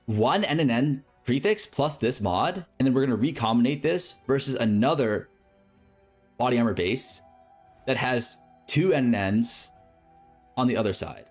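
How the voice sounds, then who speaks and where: A man's voice: medium pitch, expressive, moderate pace, faint music behind. A man streaming a game, casually thinking aloud through a crafting plan and correcting himself as he goes. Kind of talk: explaining a game crafting strategy.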